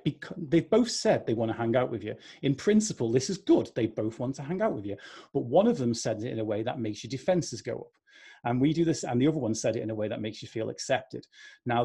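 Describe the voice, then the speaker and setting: A man's voice: mid-range voice, warm tone, husky. A man with a northern English accent giving a conversational talk over a video call, acting out inner voices as he goes. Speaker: speaker. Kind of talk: talk to an online audience.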